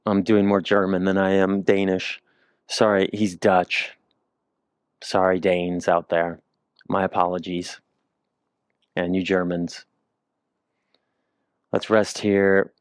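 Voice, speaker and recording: A male movement instructor guiding slow floor exercises, cracking self-mocking jokes between cues. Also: deep voice, steady tone, clean tone, no room sound, studio quality. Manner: joking, self-mocking asides while demonstrating. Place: indoors on the floor. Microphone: handheld or clip mic he keeps moving.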